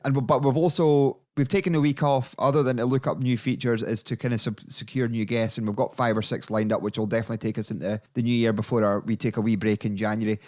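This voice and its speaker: A man's voice: medium pitch, little pitch movement, quick pace, hardly any pauses, a little mellow. A man co-hosting a casual podcast, chatty and jokey as he plugs the show. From Scotland. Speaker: podcast co-host.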